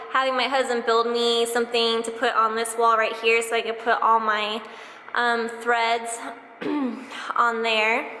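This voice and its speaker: A woman's voice: a little high, sharp tone, slight background noise. A young woman vlogging casually about her sewing space, chatty and full of fillers like um and like. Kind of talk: casual vlog chat. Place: home and empty basement, indoors. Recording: echoey room.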